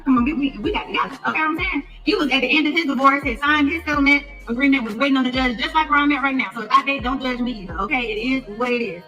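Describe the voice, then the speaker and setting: A woman podcaster telling a story in a casual rant, animated, acting out the lines of the people she quotes. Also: high voice, poor audio. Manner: animated, acts out quoted dialogue. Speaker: podcast host.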